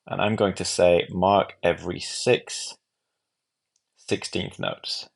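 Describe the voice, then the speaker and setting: A man giving a calm, methodical step-by-step walkthrough of a music app. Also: sits low, vocal fry. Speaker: app tutorial presenter. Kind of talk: screen-recorded software walkthrough.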